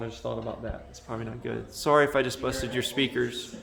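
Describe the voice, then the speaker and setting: A man's voice: mid-range voice, little pitch movement, fairly quick, vocal fry, few pauses, fairly bright tone, far from the mic. Male teacher lecturing in echoey classroom. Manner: casual and conversational, with many fillers. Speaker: computer science teacher.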